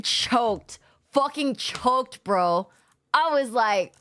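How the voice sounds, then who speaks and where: A young adult woman streamer telling a story in casual chat, animated, self-mocking and swearing a lot. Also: fairly high pitch, slow pace.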